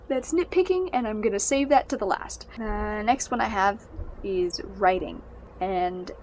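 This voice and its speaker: A woman's voice: on the high side, slight background noise. A young woman giving a casual, exasperated spoken review of a book and its movie adaptation. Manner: exasperated, ranting.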